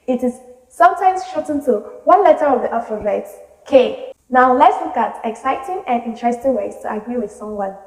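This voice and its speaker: A woman presenting an English vocabulary lesson, acting out example phrases with lively, expressive intonation. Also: on the high side. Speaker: English teacher. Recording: echoey room with long reverb.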